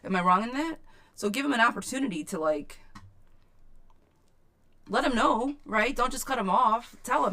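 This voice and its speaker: A woman's voice: a little high, lively intonation, normal speed, pauses often, pushed and bright. A woman giving a live tarot reading to viewers, chatty and frank, swearing casually and calling people sweetheart. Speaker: tarot reader.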